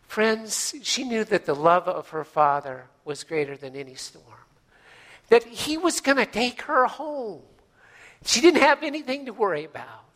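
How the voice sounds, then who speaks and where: A man preaching a sermon as a pastor, telling a story with gentle pauses and soft, hushed emphasis in a folksy, unhurried manner. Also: sits high, big pitch swings. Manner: folksy, with frequent uh fillers.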